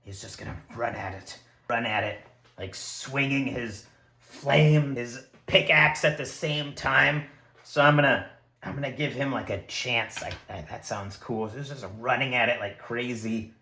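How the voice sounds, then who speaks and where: A man narrating his own solo tabletop game, excitable and talking to the dice and characters. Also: mid-range voice, measured pace. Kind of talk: casual solo play narration. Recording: echoey room.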